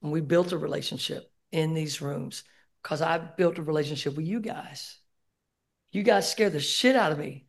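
A middle-aged man with a gravelly voice on the high side talks briskly during a personal share at a recovery meeting held in a meeting room. He's open and emotional with the support group and swears casually.

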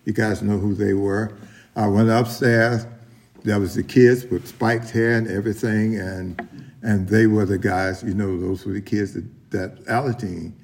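A man's voice: on the low side, fairly even intonation, measured pace, vocal fry, darkish tone. A middle-aged man sharing his story at a recovery meeting, rambling with many restarts and talking straight to the room. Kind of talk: personal testimony at a meeting.

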